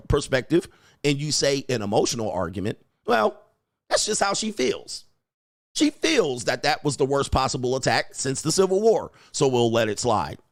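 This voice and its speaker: A man hosting a commentary show, delivering an opinionated, animated monologue with cursing and acted-out quotes. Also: mid-range voice, dry recording, studio quality. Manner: animated, ranting, acts out quoted voices, curses.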